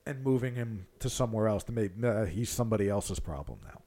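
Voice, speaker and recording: A man co-hosting a casual sports chat, an animated, profane coach who rants. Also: fairly low pitch, fast. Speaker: podcast co-host, hockey coach.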